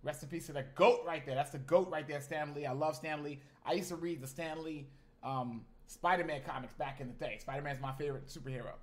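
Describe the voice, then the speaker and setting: A male streamer around his thirties, chatting casually and with lots of slang. His voice sits slightly higher than most men's, and he keeps turning to address his viewers directly. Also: brisk. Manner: animated, slangy, talks to chat. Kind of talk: casual live-stream chat.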